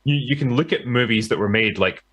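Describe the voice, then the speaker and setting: Husky British man, halting talk. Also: mid-range voice, fairly bright tone, dull audio. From Britain. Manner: halting, filler-heavy. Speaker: film commentator guest. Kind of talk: podcast conversation.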